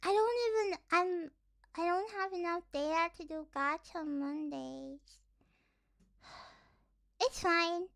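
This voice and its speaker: High, bright, unhurried streamer woman. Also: gravelly. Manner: rambling, giggly, lots of "like". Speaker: virtual streamer. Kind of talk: casual livestream chat.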